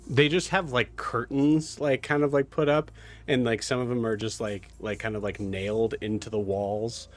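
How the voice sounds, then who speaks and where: A man's voice: medium pitch, fairly even intonation, normal speed, a little hiss or hum. A man running a tabletop game as game master, describing scenes in a loose, rambling way full of fillers.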